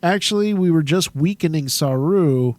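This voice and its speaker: A man's voice: fairly high pitch, moderate pace, darkish tone, no echo. A man co-hosting a casual TV review podcast, agreeing and chuckling along with his partner. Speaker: podcast co-host.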